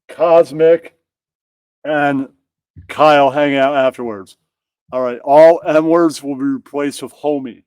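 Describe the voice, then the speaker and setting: A man reading out a crude comedy bit, profane and deadpan, tagging his jokes. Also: fairly high pitch, slow pace, pauses often, clean tone, no echo. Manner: profane, deadpan, tags jokes with "that's right". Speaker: comedy reader.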